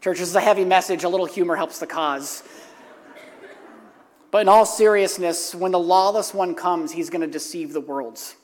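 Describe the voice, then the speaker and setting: High-voiced pastor preaching in echoing hall. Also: male voice, moderate pace, a little hiss or hum. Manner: earnest, repeats key phrases for emphasis. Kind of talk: sermon. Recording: long hall reverb.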